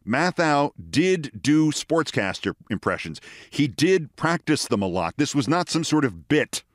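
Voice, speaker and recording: Casting: man in his 60s, wry host, lively intonation, dry close sound with no room echo. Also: mid-range voice. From the Bronx, New York. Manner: wry, dry, precise delivery. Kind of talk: storytelling monologue.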